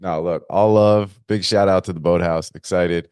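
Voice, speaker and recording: A laid-back man hosting a chat over a video call, joking and rambling with slang and fillers. His voice sits a little low and sounds dry and close. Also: steady tone, moderate pace, darkish tone, clean tone, dry recording. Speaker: podcast host. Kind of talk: casual chat. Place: Florida.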